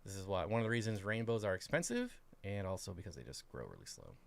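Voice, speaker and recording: A man with a fairly low voice chats loosely on a fishkeeping livestream. He rambles along, filling the gaps with "uh" and "um". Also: fast talker, creaky. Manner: relaxed, rambling, lots of fillers. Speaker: co-host of an aquarium livestream. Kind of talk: casual livestream chat.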